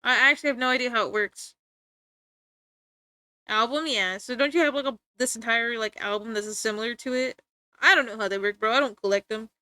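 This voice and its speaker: A young woman livestreamer chatting casually to her viewers, giggly and rambling, with sudden bursts of excitement. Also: a little high, brisk, clear, resonant tone, no echo. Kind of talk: casual stream chat.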